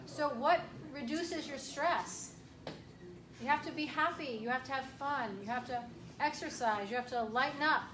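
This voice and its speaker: A woman chiropractor giving a casual, emphatic health workshop talk to an audience, clearing her throat often. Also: high voice, moderate pace. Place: room with an audience. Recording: echoey room from far off, faint hiss.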